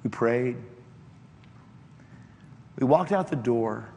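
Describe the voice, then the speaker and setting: A man preaching to a gathered crowd, telling a personal story with deep feeling and pushing toward fervent, shouted appeals. His mid-range voice rings out through a large hall with a long echo, and faint noise hangs behind it. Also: animated, slow pace, gravelly. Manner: impassioned, rising to shouted exhortation. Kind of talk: sermon with personal testimony.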